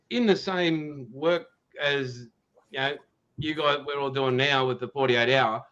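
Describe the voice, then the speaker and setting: A man's voice: mid-range voice, bright, forceful tone, muffled recording. A man with an Australian accent chatting casually as a livestream guest, laid-back and chummy, calling people mate, with plenty of ums. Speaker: guest, YouTube scale-model channel host.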